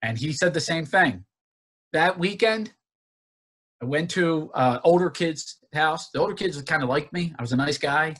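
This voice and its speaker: A man from Northeast Philadelphia giving an earnest personal recovery talk, halting with many restarts and fillers. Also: on the high side, animated, a bit bright. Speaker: guest speaker. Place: virtual forum presentation.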